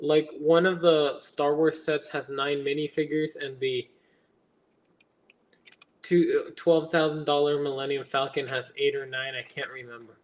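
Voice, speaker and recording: A man's voice: fairly high pitch, little pitch movement, measured pace. A young man hosting a casual livestream while he builds, chatting and rambling as he answers viewers. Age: young adult. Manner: chatty and rambling, reading chat aloud and answering it. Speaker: livestream host.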